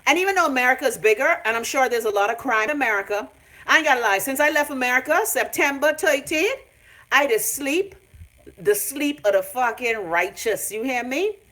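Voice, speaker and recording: A woman's voice: high-pitched, lively intonation, a little fast, a bit bright. A Bahamian woman ranting on a phone live stream from her home, brash, profane and mocking. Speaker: vlogger.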